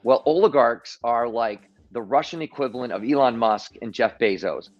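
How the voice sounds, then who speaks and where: A man's voice: medium pitch, normal speed, muffled recording, faint music behind. A man guesting on a livestream, telling stories animatedly with frequent restarts over a video call. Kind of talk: political commentary on a livestream.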